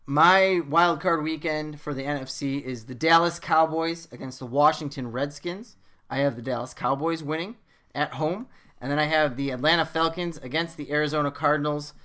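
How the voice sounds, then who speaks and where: A man hosting a casual sports podcast, an animated storyteller who swears freely. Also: a little high, moderate pace. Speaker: podcast host.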